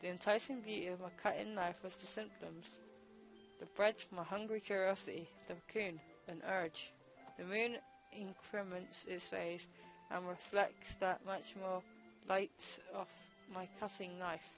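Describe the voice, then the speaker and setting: A woman voicing a shy, soft-spoken bookish teenage girl, reading her lines hesitantly and quietly. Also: on the low side, fairly even intonation, a little slow, faint music behind, poor audio. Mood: reflective.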